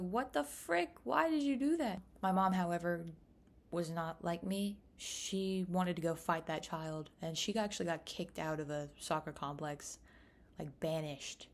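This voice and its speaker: Young woman, rambling casual chat, low-pitched, vlog. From United States. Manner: chatty, rambling, animated asides. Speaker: vlogger.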